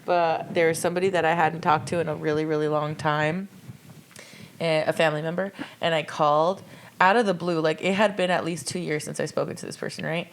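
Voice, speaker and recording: A young woman co-hosting a podcast, telling a story in relaxed casual chat with some swearing. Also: deep voice, brisk, slight background noise. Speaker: podcast co-host.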